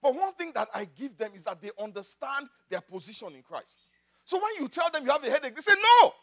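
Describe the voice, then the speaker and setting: A man preaching a sermon in church, swinging from loud declarations to quiet asides. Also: extremely high pitch, sing-song, quick pace. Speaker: pastor.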